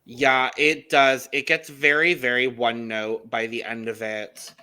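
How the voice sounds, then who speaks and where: Bright, smooth-voiced man chatting on a podcast. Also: medium pitch, flat delivery, unhurried. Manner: chatty, upbeat, frequent ums. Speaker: podcast co-host. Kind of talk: casual podcast chat.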